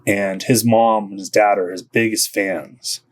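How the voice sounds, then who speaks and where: Speaking at a measured pace in a steady, lowish voice, this man is a band member being interviewed as a podcast guest. His casual answers ramble, packed with "you know" and restarts, with laughs slipped between phrases.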